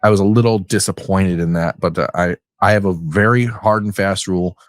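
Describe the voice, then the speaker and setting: A man with a low, deep voice talks casually on a podcast. He rambles and restarts his sentences, and the sound is close and dry. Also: brisk, no room sound. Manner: rambling, hesitant with many restarts. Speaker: podcast guest.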